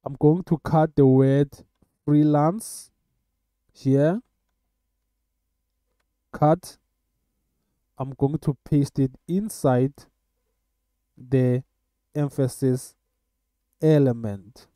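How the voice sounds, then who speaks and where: Dark-voiced man teaching code, halting. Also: mid-range voice, fairly even intonation, no room sound. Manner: halting, many filler sounds. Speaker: coding instructor. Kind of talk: screen-recorded coding tutorial.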